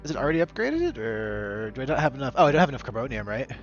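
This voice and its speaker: A man's voice: medium pitch, dull audio. A man streaming a game, chatting in a joking, rambling way and talking to viewers as folks. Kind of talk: casual gameplay commentary. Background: game music.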